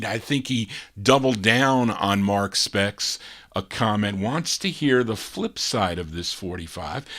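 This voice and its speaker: A man hosting a live record show in a relaxed, chatty way, with an everyday mid-range voice. He muses aloud as he goes, in easy, unscripted patter. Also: mid-range voice. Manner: chatty, musing aloud over record details. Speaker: radio-style show host and DJ.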